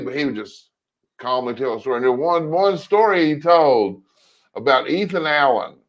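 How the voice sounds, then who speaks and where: A man co-hosting a casual political chat, telling long rambling stories with animated asides. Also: medium pitch, normal speed. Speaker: co-host.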